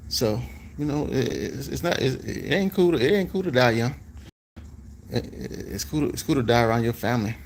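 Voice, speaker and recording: A man's voice: medium pitch, a little hiss or hum, low-quality recording. A man vlogging as he cooks, chatting casually to his viewers and rambling, repeating phrases, talking slangy. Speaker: cooking vlogger.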